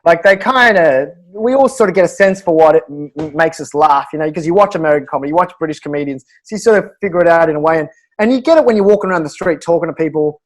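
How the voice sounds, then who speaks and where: An Australian man, a stand-up comedian, telling animated stories in casual chat with quick restarts and laughs. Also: fairly high pitch. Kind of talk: casual storytelling.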